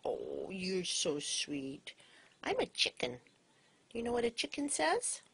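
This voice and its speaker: A woman talking affectionately to her pet bird at home, coaxing and sing-song, sometimes dropping to a soft whisper. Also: mid-range voice, huge pitch swings, unhurried, creaky, husky, dry recording. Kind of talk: affectionate baby talk to a pet.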